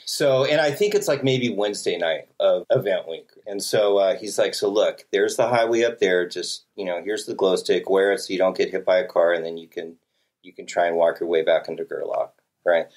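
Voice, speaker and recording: Profane animated male storyteller. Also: sits low, brisk. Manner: animated, profane, acts out quotes with voices. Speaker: podcast guest telling a story. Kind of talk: casual storytelling.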